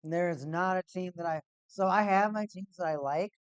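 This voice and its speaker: A male stream host with a slightly high, smooth voice chats casually at a moderate pace during a hockey watch party, wandering and saying things twice in a relaxed way. Recorded close and dry on a desk mic at home, the audio is dull and echo-free.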